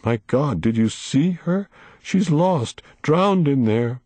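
Storybook old woman in panic, high shaky pleas, a man putting her on, dry close sound. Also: animated, slow pace, a little mellow, husky, no room sound, heavily acted. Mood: pleading. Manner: high, pleading, breaking cries. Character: frantic old woman, terrified and grieving.

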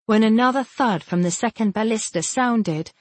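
A woman reading a fantasy novel aloud as an audiobook narrator, in a steady, even storytelling manner. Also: a little high, normal speed, dry recording.

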